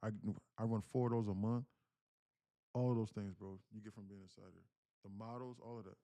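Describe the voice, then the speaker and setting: A man's voice: fairly low pitch, fairly even intonation, a little fast, dark tone. Slangy man hyping his trading stream. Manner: slangy, repeats himself, keeps calling out "guys, listen"; earnest, insistent coaching. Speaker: day-trading livestream host. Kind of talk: casual live-stream talk to viewers.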